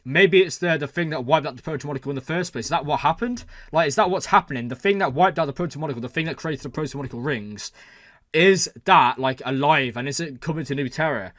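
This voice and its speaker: A man hosting a reaction channel, excitedly talking through a TV episode and thinking aloud, with lots of exclamations and fillers. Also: fairly high pitch, fast, dry recording, studio quality.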